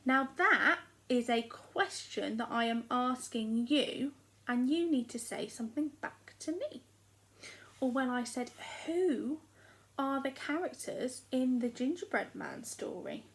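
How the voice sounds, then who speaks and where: A young woman with an English accent teaches small children in a recorded lesson. Her voice sits high, and she explains slowly and clearly in an encouraging tone. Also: lively intonation, a bit bright, low-quality recording. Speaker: primary school teacher.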